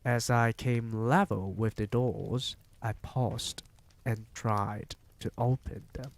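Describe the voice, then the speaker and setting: A man reading a novel aloud on a live stream, telling it in an unhurried, measured way. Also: medium pitch, steady tone.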